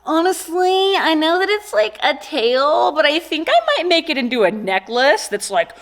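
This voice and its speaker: Bubbly, rambling higher-voiced woman. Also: animated, normal speed. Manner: bubbly, giggly, rambling with many "like"s. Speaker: corset maker and vlogger. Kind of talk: casual unboxing chat.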